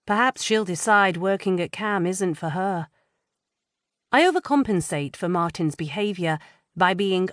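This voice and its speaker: A woman reading a first-person psychological thriller audiobook in a measured, tense way. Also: on the low side, dry recording, studio quality. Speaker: audiobook narrator.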